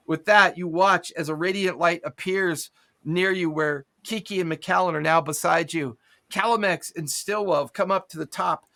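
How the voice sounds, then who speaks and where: Gravelly game master voicing gunfire. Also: male voice, a little high, fairly bright tone. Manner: vivid narration with gunfire sound effects. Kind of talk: narrating a tabletop game.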